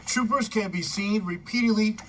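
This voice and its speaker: Man reading a news report, slightly high. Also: far from the mic, noisy background. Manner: measured, formal delivery. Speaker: news correspondent.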